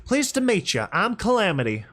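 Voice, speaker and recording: A man's voice: high voice, huge pitch swings, moderate pace, a bit bright, pitched above the performer's own voice, full character voice. A man voicing a cheerful male pegasus sharpshooter in a friendly Southern US drawl.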